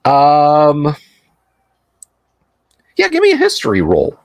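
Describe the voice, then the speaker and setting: Halting man narrating as game master. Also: fairly high pitch, wildly swooping pitch, dry recording. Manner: halting, full of restarts and fillers. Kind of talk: narrating a tabletop horror game.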